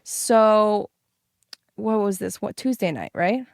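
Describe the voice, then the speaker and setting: A woman's voice: mid-range voice, expressive, takes it slowly, vocal fry, dry recording, studio quality. A woman co-hosting a casual podcast, chatting loosely with lots of fillers. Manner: chatty, lots of ums and likes. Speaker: podcast co-host. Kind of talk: casual chat.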